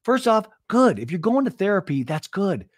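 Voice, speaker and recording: Sex: man. Role: podcast host. Style: casual comic recap. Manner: sarcastic, exasperated. Intonation: lively. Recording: dry, close. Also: high-pitched, normal speed, no room sound. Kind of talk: casual comedic recap commentary.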